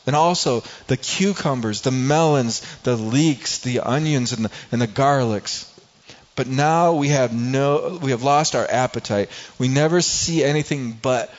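A man's voice: medium pitch, normal speed, lo-fi sound. A man preaching a sermon as pastor, talking in a conversational way with frequent restarts and acted-out quotes.

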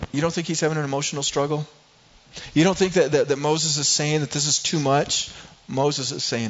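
A man's voice: a little high, steady tone, brisk, dull audio. A man preaching a sermon as a pastor, earnest and asking rhetorical questions.

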